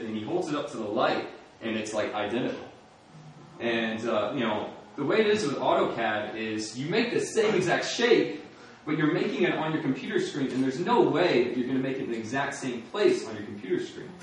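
Animated man telling a story in an echoey room. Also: mid-range voice, far from the mic, slight background noise. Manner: animated storyteller, acting out scenes, laughing often. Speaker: speaker telling a personal story. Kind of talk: personal testimony.

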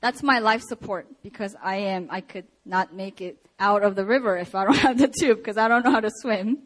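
A young woman preaching a sermon and telling a personal story, animated with laughs and acted-out quotes. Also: medium pitch, a little fast.

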